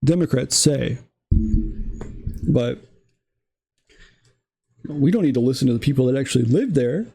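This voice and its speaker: A male political streamer talks through the news in a loose, sarcastic rant, stumbling and restarting as he goes. His voice is mellow and dark with a gravelly edge, and he sounds exasperated at the whole business. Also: mid-range voice, animated, unhurried, long pauses. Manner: ranting, sarcastic, frequent restarts. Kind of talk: casual opinion monologue.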